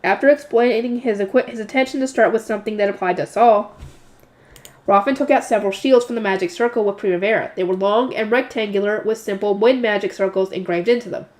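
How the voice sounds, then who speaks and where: A woman's voice: mid-range voice, quick pace, a little mellow. A woman reading a light novel aloud as narrator, in a casual manner, correcting her own slips and adding her own comments. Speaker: narrator and channel host.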